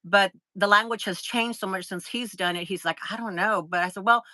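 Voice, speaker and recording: A woman's voice: mid-range voice, steady tone, fairly quick, sharp tone, no echo. A middle-aged woman with a Southern US accent, chatting to her livestream viewers and telling a long story full of fillers. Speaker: livestream host. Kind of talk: casual chat.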